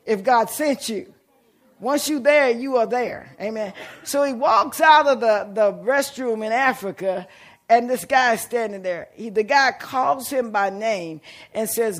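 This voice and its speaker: High-voiced fervent male preacher. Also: a little slow. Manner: fervent call-and-response preaching, shouting at peaks. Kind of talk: sermon with storytelling.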